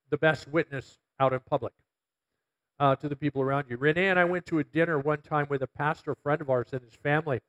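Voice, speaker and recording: A man's voice: fairly high pitch, fairly bright tone, low-quality recording. A middle-aged man, a pastor, preaching a conversational sermon full of stories and quoted asides.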